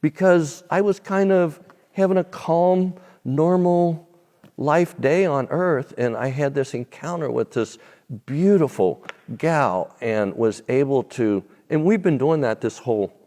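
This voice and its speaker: Animated male storyteller with long reverb. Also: unhurried. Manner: animated storyteller, voice drops soft and low at tender moments. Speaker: minister, interview guest. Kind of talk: storytelling testimony.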